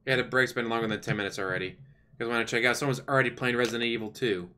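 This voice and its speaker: A man at an ordinary middle pitch rambles to his livestream viewers in a loose, sarcastic way. He grumbles and jokes as he talks, casual rather than scripted. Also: steady tone, racing, sharp tone. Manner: complaining, chatty, sarcastic. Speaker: livestream host.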